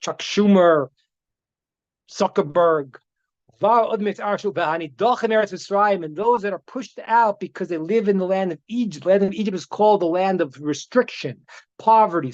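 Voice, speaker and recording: Rabbi talking animatedly over video call. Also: male voice, high voice, moderate pace. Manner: animated, repetitive, stammering restarts. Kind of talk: live online talk, storytelling. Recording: dull video-call audio.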